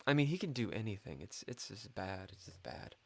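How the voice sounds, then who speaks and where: A man's voice: on the low side, very animated, a little fast, gravelly. A man streaming a live chess game, muttering and swearing in frustration at his own moves, complaining of a dry mouth.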